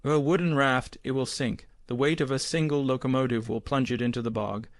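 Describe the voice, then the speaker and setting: A man's voice: medium pitch, fairly even intonation, a little fast, no echo, clean studio sound, close to an everyday voice. A man voicing a young, educated engineer who speaks with condescension and frustration. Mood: scornful. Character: young arrogant male city engineer, condescending.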